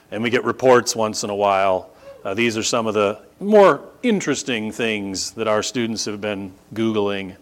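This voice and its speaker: A man preaching a sermon, moving between quiet conversational asides and loud, drawn-out emphatic peaks. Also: fairly low pitch. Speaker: pastor.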